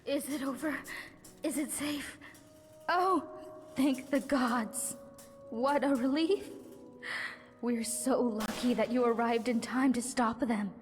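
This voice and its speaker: A woman's voice: a little high, takes it slowly, long pauses. An actress voicing a flustered, self-deprecating townswoman in a video game who rambles and trips over her words. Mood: relieved. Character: anxious married townswoman, floor sweeper, bitter and self-deprecating. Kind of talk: video game character dialogue. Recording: game audio with long reverb and faint music.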